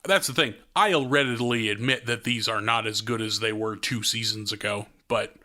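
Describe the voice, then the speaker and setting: A man in his thirties co-hosting a casual podcast chat, excitable, swearing and laughing a lot. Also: fairly low pitch, normal speed. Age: 30s. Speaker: podcast co-host.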